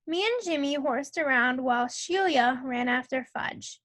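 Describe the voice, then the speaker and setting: A woman reading a children's novel aloud as narrator, telling the story in a clear, measured way. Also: sits high, animated, fairly bright tone.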